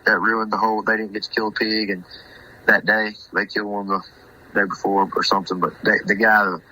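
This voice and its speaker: A man with a very deep yet strikingly bright, forceful voice. He tells his story casually and rambles, doubling back on his words. He talks like a guest on a relaxed podcast. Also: a little fast, husky, low-quality recording. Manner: rambling, repeats and restarts himself.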